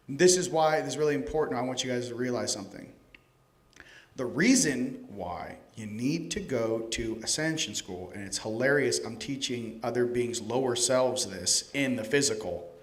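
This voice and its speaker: A man giving a casual, joking lecture to a live conference audience, animated and profane, addressing people directly. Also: medium pitch, moderate pace. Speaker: conference speaker. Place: conference hall stage.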